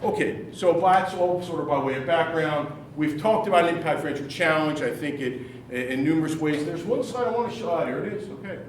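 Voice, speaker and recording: A man's voice: on the high side, animated, distant mic, slight background noise. Upbeat man leading a workshop, echoey room. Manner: upbeat, brisk roll call. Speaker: workshop leader. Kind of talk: classroom workshop talk.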